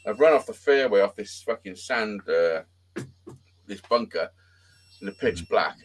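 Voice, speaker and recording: A man's voice: on the low side, unhurried. A man telling a rambling, swearing story on a casual live-stream chat as the show's host. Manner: swears a lot, animated storytelling with acted-out quotes.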